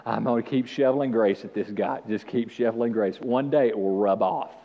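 A man voicing a gentle, frank male teacher who speaks low and calmly. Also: a little fast, close to an everyday voice. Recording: dull sound with long hall reverb.

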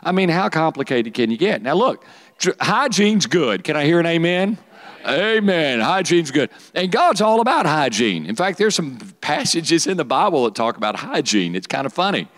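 A man's voice: on the high side, moderate pace. A man preaching a sermon to young people, joking and calling for responses. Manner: lively, joking, calls for audience responses. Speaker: youth pastor.

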